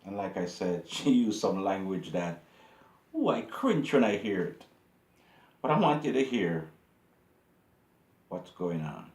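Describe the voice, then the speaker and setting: A lowish-voiced man delivers a casual commentary monologue to his channel viewers. He circles back and repeats himself as he works up his indignation. The room around him rings with echo. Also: very animated, unhurried, pauses often, a little mellow. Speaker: YouTube channel host.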